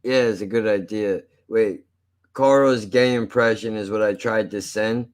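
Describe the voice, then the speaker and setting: A man's voice: lowish voice, fairly even intonation, unhurried. A man from South Jersey with a South Jersey accent, chatting loosely and with swearing on a live stream. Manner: loose and profane, talks to chat. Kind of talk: casual live-stream chat.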